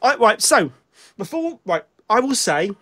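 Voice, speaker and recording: A British man with a bright, high-pitched voice that swings up and down as he talks. He co-hosts a casual album-review chat over a remote call. He rambles in a self-mocking way and keeps restarting his sentences with "right". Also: sing-song, measured pace. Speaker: podcast co-host.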